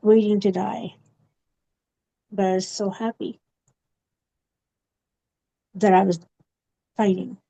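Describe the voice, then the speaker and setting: Gravelly woman, halting. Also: medium pitch, flat delivery, mellow. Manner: halting, with frequent pauses and fillers. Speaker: guest giving a testimony. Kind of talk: personal testimony interview. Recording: dull, muffled recording.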